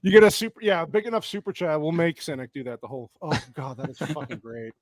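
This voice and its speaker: A man's voice: on the high side, fast, no room sound, studio quality. A young man hosting a live stream, giving rambling, profane commentary on a movie and laughing often. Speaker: streamer host. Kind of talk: casual movie watch-along commentary.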